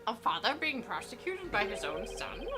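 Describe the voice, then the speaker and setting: Stern elderly judge, voiced by a woman for a game fan dub; formal, lively pitch, music behind. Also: moderate pace. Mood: solemn. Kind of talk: fan voice acting over a game.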